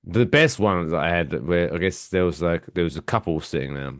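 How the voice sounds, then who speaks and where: A man's voice: low voice, animated, normal speed, no echo, clean studio sound. A young man from England with an English accent, chatting casually as a podcast co-host and acting out customers with lots of swearing. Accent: English, from east of London. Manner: swearing, acts out customers in bursts. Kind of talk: casual chat.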